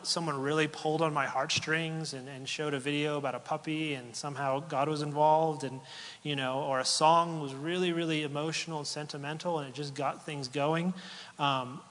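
A man's voice: fairly high pitch, a bit bright. Conversational male pastor in a reverberant hall. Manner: conversational, with fillers and repeated words. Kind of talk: sermon.

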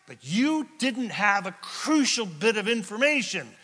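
A male pastor giving a sermon, telling a story with animated delivery and questions to the congregation. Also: sits high, unhurried, hardly any pauses, in a large hall. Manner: animated storytelling, acts out quotes, asks the crowd questions.

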